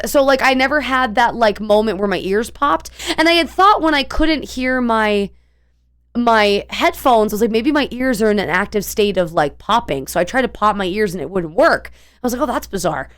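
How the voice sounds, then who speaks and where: A woman's voice: high voice, a bit bright, smooth. A young woman streamer telling a long story in a casual, rambling way, full of fillers and restarts.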